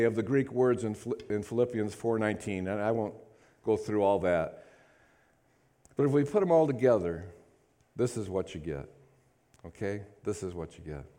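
A man preaching a sermon to a congregation, fervent, repeating phrases and calling out to the room. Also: fairly high pitch. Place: church service.

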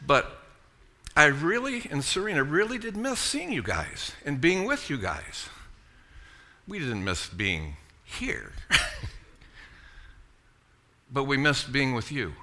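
A man's voice: on the high side, sing-song, slow, pauses often, bright, forceful tone. A middle-aged man preaching a sermon in a conversational, joking way, often asking the congregation questions. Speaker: pastor.

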